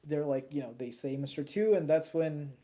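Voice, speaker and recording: A man's voice: fairly high pitch, fairly even intonation, moderate pace, mellow. Rambling man recapping an episode. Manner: rambling, many fillers, restarts. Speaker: podcast co-host.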